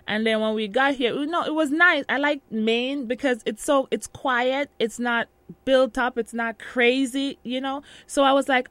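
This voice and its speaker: A woman's voice: a little high, fairly even intonation, moderate pace, fairly bright tone, dry recording. A woman in her thirties from Jamaica with a Jamaican accent, chatting casually in an interview and laughing often.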